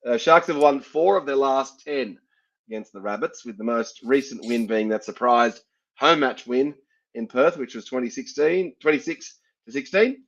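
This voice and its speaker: A man's voice: mid-range voice, expressive, normal speed, a bit bright. An Australian man hosting a sports podcast, chatting casually and laughing at his own fumbles. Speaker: podcast host. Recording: dull lo-fi sound.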